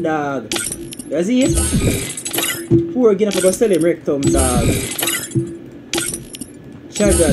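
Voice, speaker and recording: Animated Jamaican man streaming. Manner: animated, repeats catchphrases, sudden high loud outbursts. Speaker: game streamer. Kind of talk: live-stream chat to viewers.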